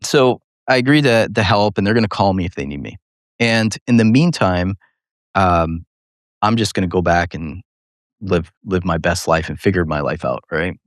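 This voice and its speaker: A male neurosurgeon and podcast host telling a personal story in an interview, animated and laughing often, with many fillers. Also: low-pitched, moderate pace, no room sound, studio quality.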